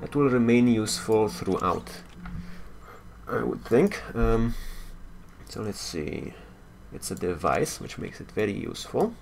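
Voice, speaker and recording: A man's voice: fairly low pitch, expressive, a little slow, gravelly, a little hiss or hum. Man, young adult, romanian accent, casual game stream, hesitant, wry. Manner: hesitant, many fillers, wry.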